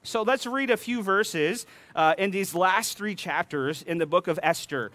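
A man's voice: high-pitched, unhurried, pushed and bright, no room sound. A man preaching a sermon, retelling a scripture story with playful voiced dialogue between readings. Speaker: pastor.

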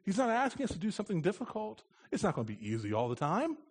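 A man's voice: high voice, huge pitch swings, fast talker, breathy edge. A man from the United States, a missionary preaching in a church, speaking in an earnest, plain-spoken way with touches of light humor. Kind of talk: conversational sermon.

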